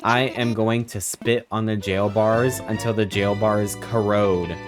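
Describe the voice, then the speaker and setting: A man's voice: lowish voice, fairly even intonation, measured pace. A man streaming a game, playful and jokey as he chats with his viewers. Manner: playful and jokey, chatting with chat. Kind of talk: casual gameplay commentary. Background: game music.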